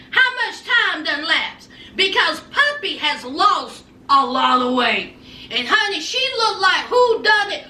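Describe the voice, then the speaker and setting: A woman delivers a sassy, gossipy TV recap in a very high, piercingly bright voice. She is off-mic in a roomy, echoing space with faint noise underneath. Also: recorded from a distance. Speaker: recap vlogger. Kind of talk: reality TV recap commentary.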